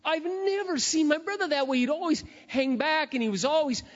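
A man's voice: very high voice, a little fast, voice pushed up. A man putting on the voice of a tearful, gushing woman praising her brother during a sermon. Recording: dull lo-fi with long hall reverb.

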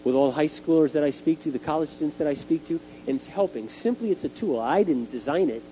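Middle-aged male preacher, animated storyteller, mellow slightly high voice, dull lo-fi tape, faint hum. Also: quick pace. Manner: animated storytelling, acting out scenes. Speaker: youth speaker. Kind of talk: sermon.

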